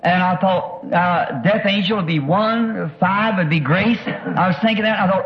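A man preaching a sermon, recounting an experience in an earnest, halting way with many repeated words. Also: high-pitched, muffled recording, a crowd in the background. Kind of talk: sermon testimony.

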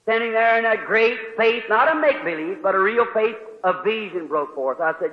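A man preaching a folksy revival sermon, moving between loud exhortation and quiet storytelling. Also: sits high, lively intonation, moderate pace, few pauses. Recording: old lo-fi tape with long hall reverb.

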